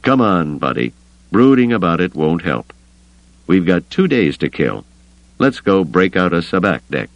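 A man voicing a calm, loyal male friend in an audiobook, speaking quietly and with resignation. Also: deep voice, a little slow, no room sound, muffled recording, heavily acted. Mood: friendly.

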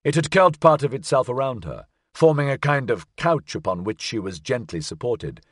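Brief: male audiobook narrator, very expressive pitch, dry studio sound. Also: moderate pace, husky, dry recording. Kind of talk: scripted narration.

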